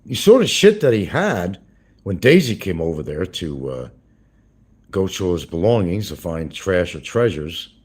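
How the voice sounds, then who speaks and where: A man talks low and husky, his pitch swinging up and down a lot as he rambles. He gossips crudely, swearing and chuckling as he goes, like a casual livestream host chatting to viewers. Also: big pitch swings, a little slow, a little mellow.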